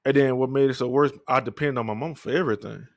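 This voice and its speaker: A man's voice: mid-range voice, quick pace, no echo. Young guy spilling his story, cussing, rambling, dead dry recording. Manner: candid, profane, rambling with restarts. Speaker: podcaster telling his life story. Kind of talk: personal storytelling monologue.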